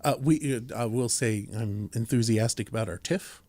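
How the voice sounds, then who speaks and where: A man's voice: medium pitch, moderate pace, dark tone, no room sound. A man co-hosting a podcast, talking casually through council business with many fillers and restarts and a dry sense of humor. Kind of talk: casual chat, reading a council resolution aloud.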